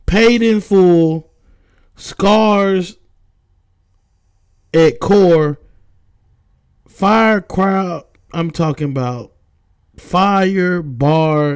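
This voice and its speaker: A man's voice: fairly high pitch, darkish tone, clean tone, no echo. A man with a Southern American accent giving a loose, slangy recap of rap battles, with emphatic verdicts. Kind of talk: casual recap commentary.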